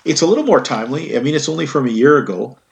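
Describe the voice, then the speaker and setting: A man's voice: mid-range voice, animated, rapid-fire, vocal fry. A man hosting a podcast, chatting casually and rambling, with frequent "uh" fillers. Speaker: podcast host.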